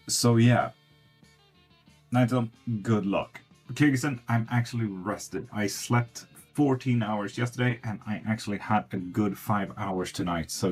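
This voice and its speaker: A man's voice: lowish voice, a little mellow, husky. A man giving casual tarot readings on a live stream, blunt and swearing freely.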